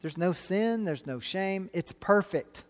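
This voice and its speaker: A middle-aged man preaching a sermon, animated and full of rhetorical questions to the congregation. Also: high voice, takes it slowly, in a large hall.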